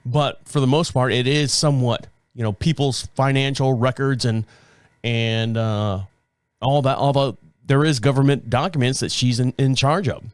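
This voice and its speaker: A man's voice: mid-range voice, fairly even intonation, normal speed, clear, resonant tone, no room sound. A man in his fifties hosting his own show, telling stories in a rambling, casual way and often correcting himself mid-sentence. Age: 50s. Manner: rambling, self-correcting storytelling. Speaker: podcast host. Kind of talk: casual solo talk.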